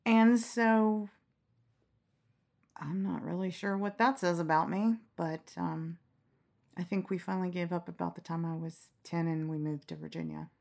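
A middle-aged woman telling candid stories in a relaxed interview, frank and quick to laugh, acting out the lines she quotes. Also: lowish voice, gravelly. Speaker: storyteller guest. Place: lying down in a quiet room.

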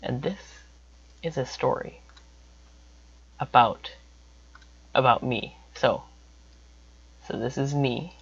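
A young man telling a casual story about himself in a rambling way, repeating words and breaking into sudden high exclamations. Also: slow, vocal fry, pauses often, a bit bright, breathy edge. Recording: dull lo-fi recording.

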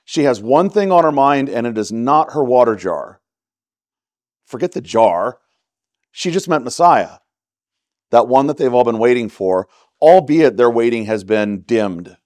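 A man's voice: mid-range voice, expressive, unhurried, darkish tone, no echo. A man with a Texan accent teaching a church Bible study in a conversational way, often checking in with "right?". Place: church classroom.

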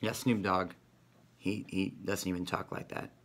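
A man's voice: low voice, level tone, a little slow, slightly rough. A man vlogging in a rambling, profane monologue, ending nearly every sentence with "man". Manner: rambling, repeats "man" constantly; profane, conspiratorial.

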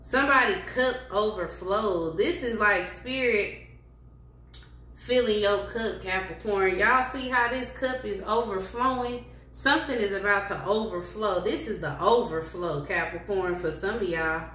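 Slow-talking woman doing a tarot reading. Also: mid-range voice, fairly bright tone. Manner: slow, repetitive, affirming, speaks directly to viewers. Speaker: tarot reader. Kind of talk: casual tarot reading to camera. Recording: roomy home recording with faint hiss.

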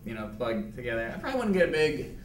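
A man's voice: mid-range voice, very animated, quick pace, a little hiss or hum. A man nervously rambling through an unprepared self-introduction at a business meeting, stammering and laughing. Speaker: quality control manager in a meeting. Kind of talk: awkward improvised self-introduction. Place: conference room on a video call. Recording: echoey room from far off.

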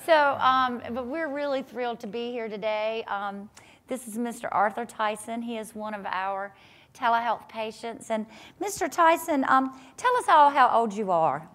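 A woman's voice: fairly high pitch, lively intonation, moderate pace, fairly bright tone. A woman with a Southern US accent, presenting at a conference and prompting a patient with upbeat questions. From Eastern North Carolina. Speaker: telehealth presenter interviewing a patient. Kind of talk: on-stage presentation and interview.

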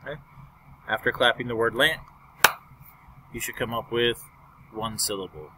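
A man's voice: mid-range voice, moderate pace, heavy background noise. A young man teaching a recorded fourth-grade lesson, upbeat and patiently explaining step by step.

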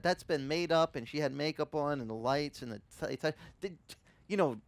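A man preaching a sermon as a pastor, telling a personal story conversationally and growing louder and higher when impassioned. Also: moderate pace, creaky, no echo. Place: church ministry in Hawaii.

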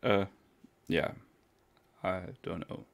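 Gravelly low-voiced man gaming. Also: steady tone, slow. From Germany. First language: German. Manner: thinking aloud, self-correcting. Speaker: let's play streamer. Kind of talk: casual gameplay commentary. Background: game music.

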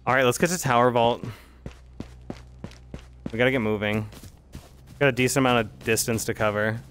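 A man streaming a game live, thinking out loud and talking straight to his chat as he plays. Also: medium pitch, normal speed. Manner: chatty, thinking aloud while playing. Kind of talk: live gameplay commentary to chat.

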